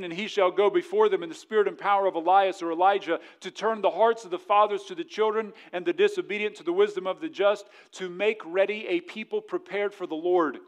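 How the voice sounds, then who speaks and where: A male pastor preaching a sermon fervently, dropping to a hush and then rising to emphatic points. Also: sits high. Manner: mocking voices of others in quick asides.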